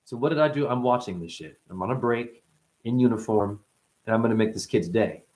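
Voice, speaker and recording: This is a rambling monologue from a man speaking as a spiritual teacher: loose, profane and playful, with frequent impressions of other people. His delivery is brisk, his pitch medium and his tone on the dark side.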